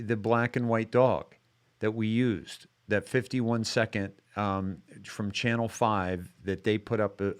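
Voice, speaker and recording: A man hosts a live-streamed talk show in an easygoing, chatty way. His voice sits a little low and comes across smooth and resonant. He rambles, stacking fillers and restarting his sentences as he greets viewers and guests. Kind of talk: casual chat.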